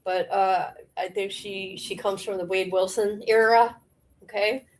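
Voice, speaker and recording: Woman streamer ranting live, confrontational, rambly, lots of ums, normal mid pitch. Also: steady tone, unhurried, a little mellow. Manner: confrontational, rambling, with frequent fillers.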